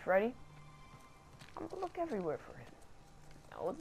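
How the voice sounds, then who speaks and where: A woman's voice: medium pitch, huge pitch swings, moderate pace, gravelly, a little mellow, faint music behind. A young woman with a stuffy nose giving blunt, jokey let's-play commentary. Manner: blunt, jokey, swears at the game. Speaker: gaming channel host.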